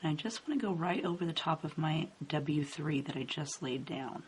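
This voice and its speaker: A woman calmly narrating a step-by-step coloring tutorial, explaining each stroke as she works. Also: sits low, moderate pace. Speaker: card-making instructor. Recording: faint hiss in background.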